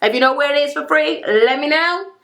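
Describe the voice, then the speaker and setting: A woman's voice: high voice, brisk, fairly bright tone. A woman recapping a reality TV episode in a blunt, slangy, profane casual way. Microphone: camera mic.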